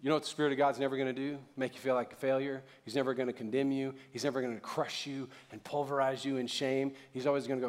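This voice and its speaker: A middle-aged man preaching a sermon in church, talking casually and joking, then building up to loud, fervent preaching. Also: mid-range voice, level tone, fast, few pauses. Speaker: pastor.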